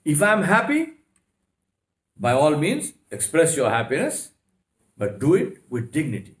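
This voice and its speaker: Male religious lecturer, fairly high voice, emphatic, fires off rhetorical questions, echoey mosque hall. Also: huge pitch swings, unhurried. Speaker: Islamic lecturer.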